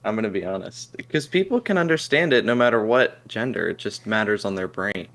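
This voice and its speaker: Tired, halting young man, morning voice. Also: on the low side, expressive, fairly bright tone. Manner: hesitant, halting, nervous laughs. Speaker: guest from chat. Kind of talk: casual group chat.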